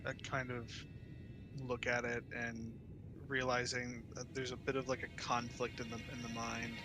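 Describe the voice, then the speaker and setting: A man's voice: mid-range voice, monotone, moderate pace, music in the background. A man playing a tabletop game, hesitantly describing his character's actions. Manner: hesitant, full of "like" and "kind of". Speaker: player.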